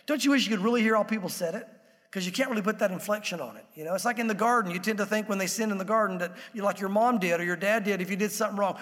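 A man's voice: high-pitched, very fast, a bit bright. A man preaching a conversational sermon as a pastor. He talks to the congregation directly and acts out the voices he quotes. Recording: long hall reverb.

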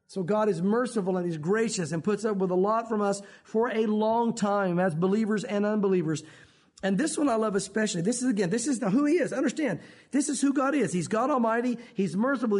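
Male pastor, high voice, slightly husky, animated conversational sermon delivery. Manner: animated, conversational preaching with acted quotes.

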